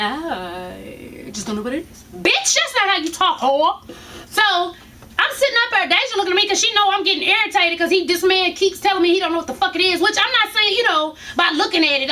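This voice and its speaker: Vlogger, woman, bright high voice, animated and profane, laughs often, faint noise behind. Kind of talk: casual storytelling.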